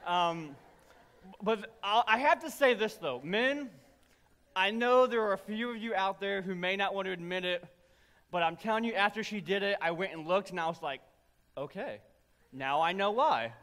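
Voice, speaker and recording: A young adult man preaching a sermon, telling a funny personal story in an animated, self-deprecating way. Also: high voice, normal speed. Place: church sanctuary. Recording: reverberant church hall.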